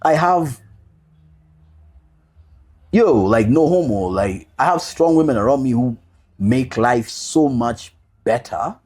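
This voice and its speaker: Male podcast guest, husky and animated in pitch, earnest and personal. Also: slow pace, pauses often. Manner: heartfelt, repeats key phrases for emphasis; casual slang mixed with earnest reflection. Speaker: podcast guest, single father. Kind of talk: personal storytelling in a podcast interview.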